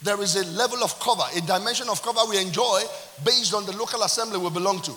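A man with a Nigerian accent preaching a sermon as pastor, animated, with call-and-response and laughter. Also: high-pitched, fast. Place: church hall. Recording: reverberant church hall with hiss.

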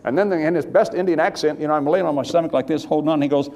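A man's voice: on the high side, very fast, vocal fry. Older male preacher in a reverberant hall. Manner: storytelling, animated, rambling with restarts. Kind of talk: sermon testimony.

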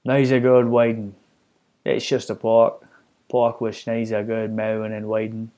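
A whiny male tourist with a put-on, overdone Australian accent, as a man plays him up. His voice sits low and mellow, pushed loud and sing-song in mockery. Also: monotone, a little slow, natural voice. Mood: mocking.

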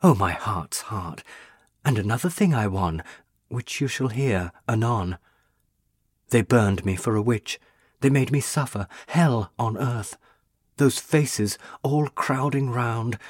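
A man voicing a young female ghost, a burned witch, speaking in a pleading, tender and intense way with a husky voice. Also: mid-range voice, no echo, studio quality.

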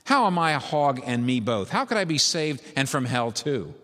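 A man's voice: medium pitch, sing-song, moderate pace, fairly bright tone, voice pushed up. Storytelling bit: a self-righteous older churchwoman, indignant and exclamatory, as a preacher puts her on. Long hall reverb. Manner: huffy, exclamatory, complaining.

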